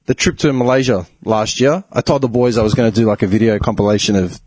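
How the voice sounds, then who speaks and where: Male podcast host, husky and dry-miked, animated and laughing often. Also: lowish voice, quick pace, no room sound. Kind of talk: casual chat.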